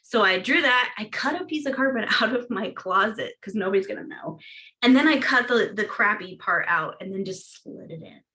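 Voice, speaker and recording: A woman's voice: mid-range voice, lively intonation, normal speed, sharp tone, poor audio. A woman hosting a casual video-call chat, telling a story with lots of laughs and fillers and acting out her own past reactions. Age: adult, recalls her teenage years. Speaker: host of a witchcraft group video chat.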